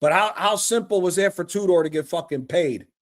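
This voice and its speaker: A man streaming a live reaction to a football match, excitable and profane, trash-talking the players. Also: high-pitched, fairly quick. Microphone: streaming mic.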